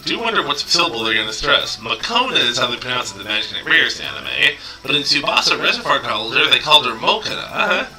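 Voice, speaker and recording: A man streams a game and chats offhand, correcting himself as he goes. His voice is high, gravelly and very bright. Music plays faintly while he talks into a distorted webcam mic. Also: very animated, fast talker, hardly any pauses. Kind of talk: casual game commentary. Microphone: built-in webcam mic, distorted.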